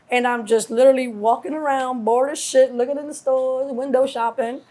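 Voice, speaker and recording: A middle-aged woman from New York, a guest telling stories in a casual interview, acting out quotes with lively swearing. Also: high voice, normal speed. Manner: animated storyteller acting out quotes, heavy cursing. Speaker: guest, mother of a rapper.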